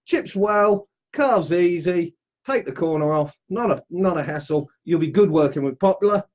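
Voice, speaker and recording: A man's voice: sits high, animated, moderate pace, darkish tone, lo-fi sound. A man demonstrating woodcarving on a live stream, chatting casually and greeting viewers as he works. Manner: chatty and upbeat, greets viewers while carving.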